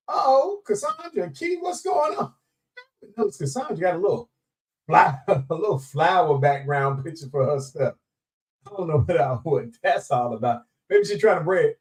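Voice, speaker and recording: A man hosting a live show, chatting casually and playfully with viewers, greeting them by name and laughing often. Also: fairly high pitch. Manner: animated, laughing, playful Southern Black vernacular. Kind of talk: casual live-stream chat. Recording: voice somewhat distant from mic.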